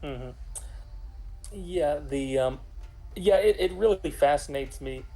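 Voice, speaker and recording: An American man with a slightly high, dark-toned voice talks slowly while co-playing on a game stream. He chats casually, rambling with lots of fillers and restarts, over faint background music in a low-quality recording.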